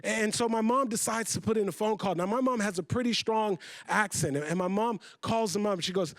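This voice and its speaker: A man giving a storytelling keynote talk to a conference audience, building dramatically to loud emphasis. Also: high voice, normal speed, no room sound. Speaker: motivational speaker. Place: conference hall with live audience.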